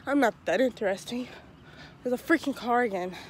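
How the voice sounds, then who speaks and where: A woman's voice: fairly high pitch, brisk, slight background noise. A young woman rambling in a casual, self-deprecating way while filming herself out of breath on a walk through her neighborhood. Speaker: vlogger. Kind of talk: casual walking vlog. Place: outdoors walking around a neighborhood. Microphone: handheld phone at arm's length.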